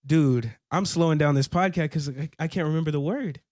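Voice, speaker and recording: A man's voice: on the high side, fairly quick, darkish tone, no echo, studio quality. A young man co-hosting a casual faith podcast, earnest and laughing often, sometimes searching for words. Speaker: podcast co-host.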